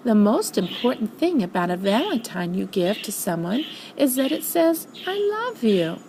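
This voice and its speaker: An older woman voicing a timid, tiny male piglet with a very small, soft voice in a storybook reading. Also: medium pitch, big pitch swings, moderate pace, background noise.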